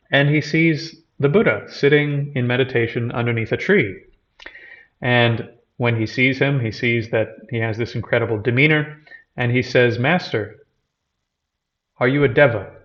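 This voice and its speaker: A man's voice: medium pitch, normal speed, highs cut off. A man giving a teaching talk, retelling an old scripture story and explaining its terms as he goes. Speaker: lecturer on Buddhism.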